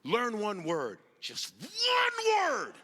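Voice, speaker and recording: A man performing a stand-up comedy set on a club stage, acting out characters with sudden shouted outbursts. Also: very high voice, very slow, slightly rough. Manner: animated, acts out characters with big shouted outbursts. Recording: live club recording with audience noise.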